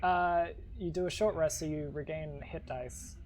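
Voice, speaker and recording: A woman's voice: low-pitched, fairly even intonation, unhurried, darkish tone, slight background noise. A woman narrating as game master in a casual tabletop game, hesitant with many ums and restarts.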